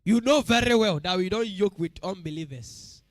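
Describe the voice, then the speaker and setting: A Ghanaian-accented man preaching at a midweek church service, his voice pitched high for a man. He presses the congregation with direct questions and repeats his points for emphasis. The sound is close and dry, with no room echo. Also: animated, normal speed.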